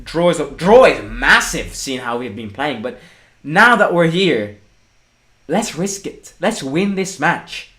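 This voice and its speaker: A young man hosting a live football watchalong, excitable, breaking into shouts and swearing. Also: a little high, takes it slowly. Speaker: fan channel host.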